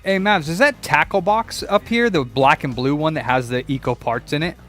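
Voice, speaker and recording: With faint music behind him, a young repair-shop owner chats on a livestream at normal speed in a fairly bright, highish voice. He curses and rambles as he hunts for parts and works, talking both to himself and to his viewers.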